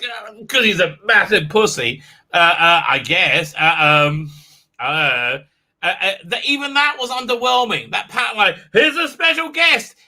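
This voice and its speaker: A man's voice: high voice, very animated, unhurried, sharp tone. A man with an Israeli accent hosting a casual live stream, rambling and swearing, laughing often and reading viewer comments aloud. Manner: rambling, profane, laughs often, many fillers. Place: home office.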